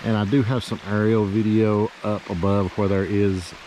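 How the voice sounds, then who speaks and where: A low, mellow-voiced man talks his way around riverside land in a loose, folksy ramble full of fillers. He has a cold and is winded from a steep climb, sniffling between phrases. Faint outdoor noise hums under his handheld recording. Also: little pitch movement, normal speed. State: out of breath from climbing. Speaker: real estate agent. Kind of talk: walking property tour vlog.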